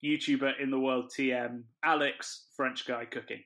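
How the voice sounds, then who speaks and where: A man's voice: mid-range voice, fairly even intonation, normal speed, a bit bright. A man hosting a podcast in casual chat, chatty and self-deprecating, laughing often. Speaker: podcast host.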